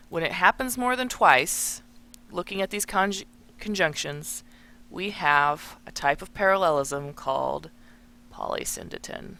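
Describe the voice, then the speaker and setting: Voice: mid-range voice, unhurried, vocal fry, sharp tone. A teacher walking through a text in a recorded lesson, explaining and thinking aloud while annotating it.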